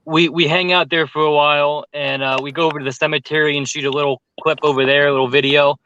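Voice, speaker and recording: A man telling a story with lots of fillers in casual chat on a group call, animated and talkative. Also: a little high, fast, muffled recording, a little hiss or hum. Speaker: paranormal youtuber telling a story.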